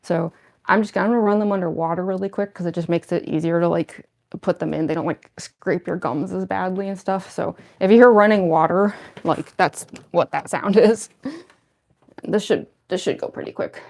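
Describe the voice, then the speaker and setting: A woman's voice: lowish voice, normal speed, vocal fry, darkish tone. A young woman cosplayer chatting casually on a livestream while getting into costume, rambling with lots of fillers and a slight lisp from costume fangs. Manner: rambling, filler-heavy, self-deprecating.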